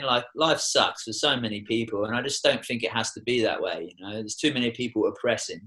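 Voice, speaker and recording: A man's voice: lowish voice, fairly bright tone, poor audio. A young Australian man, a tour guide, talking passionately and swearing freely as a guest in a podcast studio. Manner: passionate, heavy swearing, preachy. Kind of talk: casual podcast conversation.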